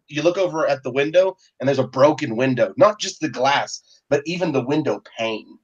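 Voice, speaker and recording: A man narrating as game master in a relaxed, chatty way with many fillers. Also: mid-range voice, moderate pace, hardly any pauses, breathy edge.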